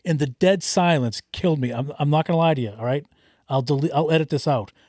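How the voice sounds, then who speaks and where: A man hosting a casual chat, asking prodding questions and telling stories in an animated way. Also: fairly high pitch, fast talker, dry recording, studio quality. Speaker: host.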